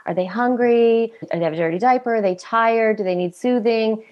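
Mom coach lady chatting on a podcast, animated, kinda muffled sound. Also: fairly high pitch, moderate pace. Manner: animated, acts out parents' voices in quotes. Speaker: parenting coach guest. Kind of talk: podcast interview.

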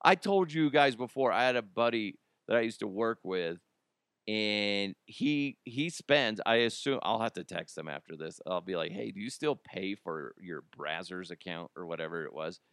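A man's voice: fairly low pitch, normal speed, clean tone, no echo, studio quality. A man hosting a podcast, riffing in a casual, mocking monologue and often laughing. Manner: animated, laughing, mocking asides. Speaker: podcast host.

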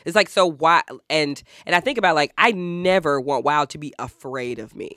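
Woman podcast co-host, earnest and candid; bright, slightly high, dry close mic. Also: expressive, normal speed, dry recording. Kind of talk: casual podcast chat.

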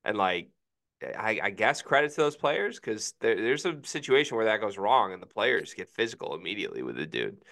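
A young man co-hosting a relaxed sports podcast. His voice sits a bit low. He weighs his takes out loud and often admits he isn't sure. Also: fairly quick, vocal fry. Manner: hedging, thoughtful, many "I don't know"s. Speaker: podcast co-host. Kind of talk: casual sports podcast chat.

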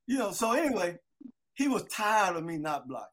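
A man's voice: high voice, fairly quick, over a noisy crowd. A man in his sixties telling stories about his youth in casual conversation with old friends. He acts out the quotes. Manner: animated storyteller, acts out quotes. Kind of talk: storytelling reunion chat.

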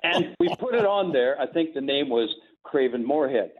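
A man's voice: mid-range voice, animated, normal speed. An older man tells rambling stories and chuckles through them, acting out the lines of the people in them. His voice comes through a thin, tinny, phone-like line. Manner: chuckling, rambling anecdotes with quoted dialogue. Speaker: podcast guest, former sportscaster. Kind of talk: casual storytelling.

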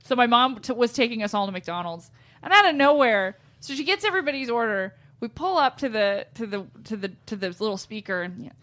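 A woman from Southern California co-hosting a podcast, telling stories in casual chat with a giggly, animated manner. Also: on the high side, a little fast. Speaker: podcast co-host.

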